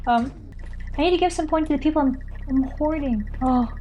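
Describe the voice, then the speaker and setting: High-voiced young woman streamer thinking aloud. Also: brisk, muffled recording, a little hiss or hum. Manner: rambling, thinks aloud, jokey with chat. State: foggy and tired. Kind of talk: casual live-stream chat while gaming.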